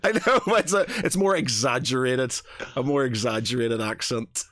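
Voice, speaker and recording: A man's voice: medium pitch, moderate pace, a bit bright, dry recording. Rambling Northern Irish man, dry sound. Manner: rambling, sweary, searches for words. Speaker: podcast host. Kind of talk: casual chat.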